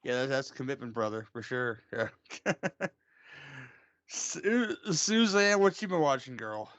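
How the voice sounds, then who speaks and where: A man's voice: medium pitch, lively intonation, measured pace, fairly bright tone, no room sound. A man hosting a movie podcast, joking around and stumbling over his words. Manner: joking, stammering. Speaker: podcast host. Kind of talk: casual chat. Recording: slightly dull, dry sound.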